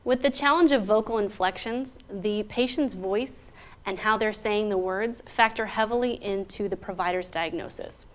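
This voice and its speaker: A woman teaching interpreters in a clear, methodical way, often posing rhetorical questions. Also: mid-range voice, normal speed. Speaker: interpreter trainer. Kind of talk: instructional talk.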